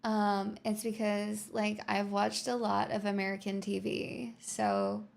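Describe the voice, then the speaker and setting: A young woman with an Australian accent chatting to her live stream viewers, answering their comments in a flat, tired way with self-mocking jokes. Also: mid-range voice, slow pace, gravelly, few pauses. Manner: flat, tired delivery with joking self-mockery. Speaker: livestreamer. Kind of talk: casual live chat reading comments.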